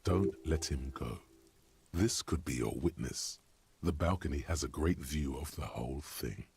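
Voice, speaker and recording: An actor voicing the deep inner narrator of a detective video game, dry and mocking. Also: male voice, expressive, a little slow, creaky, darkish tone, slight background noise, heavily acted. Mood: commanding.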